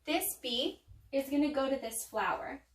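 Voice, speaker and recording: Woman teacher with a high voice for a young children's lesson, playful and animated, recorded from a distance in an echoey room. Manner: animated and playful, with dramatic pauses. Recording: echoey room, mic far off.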